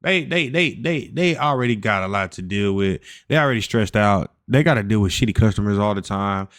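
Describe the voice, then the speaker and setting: A man's voice: lowish voice, lively intonation, brisk, fairly bright tone. A man commenting on a video in a blunt, profane, casual way. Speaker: reaction video host.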